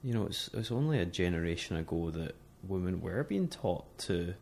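A man who is a podcast guest, speaking thoughtfully and haltingly, restarting his sentences often. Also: deep voice, big pitch swings, gravelly, a little mellow. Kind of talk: casual conversation.

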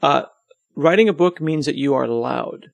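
A man talks through a relaxed podcast interview, teasing and self-deprecating as he rambles. His voice has a gravelly fry, and the recording is dry and close with no room sound. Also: on the high side, normal speed, no room sound. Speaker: podcast host and web developer, as guest.

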